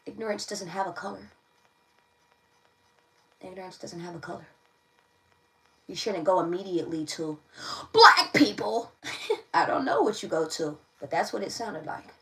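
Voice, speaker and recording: A woman's voice: fairly low pitch, moderate pace, long pauses. A woman giving a casual livestream tarot reading, chatty, often repeating her phrases and laughing. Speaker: tarot reader. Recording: voice a bit distant from the mic.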